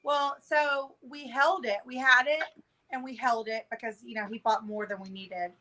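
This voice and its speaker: A woman in her thirties, a podcast guest telling a story in casual chat with a profane, animated manner. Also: on the high side, normal speed, poor audio.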